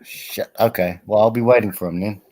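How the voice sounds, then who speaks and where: A man's voice: on the low side, steady tone, fairly quick, darkish tone, slight background noise. A man, chatting casually on a group stream, protesting and laughing as he tells rambling stories. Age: 40s. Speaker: regular on a livestream chat.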